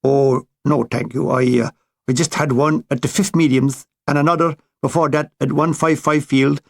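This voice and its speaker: A man voicing a small, thin, grinning army priest who speaks softly and hesitantly. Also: a little high, steady tone, normal speed, creaky. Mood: demurring.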